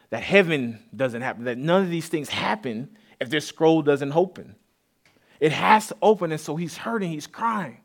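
A man preaching a casual, conversational sermon in a church. He repeats and restarts words and builds to emphatic peaks. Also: mid-range voice. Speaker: pastor.

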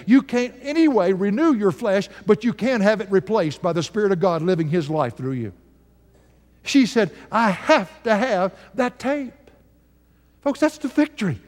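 An older man preaching a sermon, swinging from rising, fervent calls to hushed, slow storytelling. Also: big-room sound. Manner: animated preaching, swinging from high shouts to low hushed storytelling.

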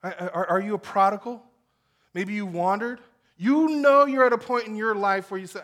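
A man preaching a sermon as pastor, with impassioned delivery that swings between loud calls and quiet, intimate stretches. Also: high voice, normal speed.

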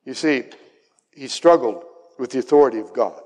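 A male pastor preaching a dramatic sermon, acting out the voices he quotes and dropping to soft asides. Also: mid-range voice, animated, normal speed. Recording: long hall reverb.

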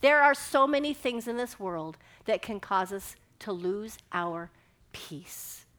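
A woman's voice: mid-range voice, animated, slow pace, fairly bright tone. A middle-aged woman giving a sermon, telling a personal story and acting out the dialogue with animation. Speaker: speaker giving a devotional talk.

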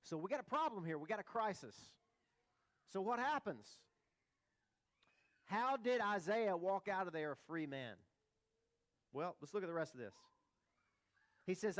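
A man's voice: high-pitched, expressive, moderate pace. A man preaching a sermon in a conversational way, with rhetorical questions and humorous asides. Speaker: pastor.

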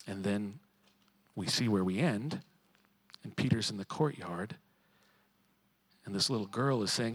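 A man preaching a sermon in a conversational way, sometimes quiet and reflective, sometimes rising to emphatic. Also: medium pitch, a little slow, pauses often, breathy edge, low-quality recording. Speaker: pastor.

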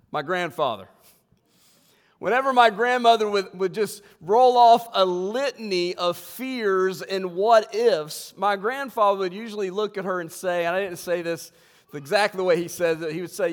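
Guy pastor giving a sermon, slightly high voice, long echo off the church walls, jokey and chatty. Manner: humorous, conversational preaching with slow emphatic scripture reading. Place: church sanctuary. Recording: long hall reverb.

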